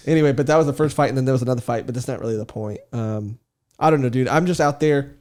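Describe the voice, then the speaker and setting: Rambling through a funny story on a podcast he co-hosts, a young man swears, laughs frequently and keeps saying "dude." His voice is mid-range, fast and darkish, recorded on a studio podcast mic.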